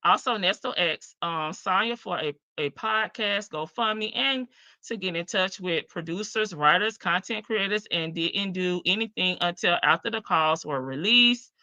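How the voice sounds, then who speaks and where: Chatty Southern woman hosting a livestream. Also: lowish voice. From American South. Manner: chatty, animated, drawn-out Southern phrasing. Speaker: livestream host. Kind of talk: casual live-stream chat reading comments.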